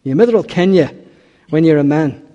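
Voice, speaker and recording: A man's voice: on the high side, animated, fairly quick, warm tone, in a large hall, dull audio, natural voice. A man preaching voices an elderly Scottish mother comforting her young son, in a put-on Scottish accent, tender and lilting. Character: elderly Scottish mother soothing her hurt little boy.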